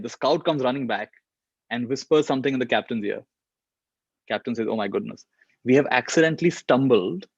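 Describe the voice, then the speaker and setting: A man's voice: mid-range voice, a little mellow, no echo. A man giving a spiritual reflection talk, telling stories and repeating key phrases for emphasis. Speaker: spiritual teacher. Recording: dull lo-fi, dry sound.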